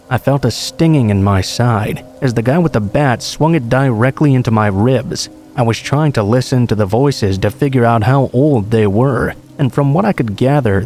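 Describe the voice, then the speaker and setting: A man narrates a true horror story in a calm, steady voice with a mellow, dark tone. Rain falls throughout, with faint music underneath. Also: medium pitch.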